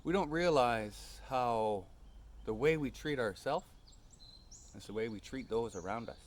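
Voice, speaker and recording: A man telling a personal story in a calm, unhurried way, often ending lines with a tag question. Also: mid-range voice.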